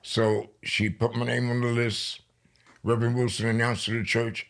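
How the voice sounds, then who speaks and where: An older man from New York, a poet being interviewed, telling stories in a lively way and slowing down for emphasis. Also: mid-range voice. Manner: lively storyteller, slows down for emphasis. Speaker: poet guest. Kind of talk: storytelling interview.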